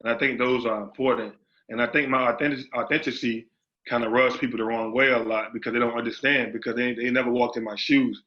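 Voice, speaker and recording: A man's voice: medium pitch, fairly even intonation, quick pace. A man, a basketball coach, answering interview questions emphatically, repeating his phrases and using street slang. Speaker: associate head basketball coach. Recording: dull lo-fi audio.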